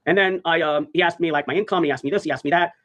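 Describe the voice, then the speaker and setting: A man's voice: a little high, rapid-fire, a bit bright. A man telling a story on a livestream, rambling and profane, repeating his phrases over and over. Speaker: live streamer.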